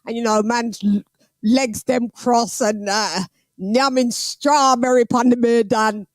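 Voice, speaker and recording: A woman hosting a boxing livestream, chatting casually with patois slang and lively banter. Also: fairly high pitch, slow, dry recording.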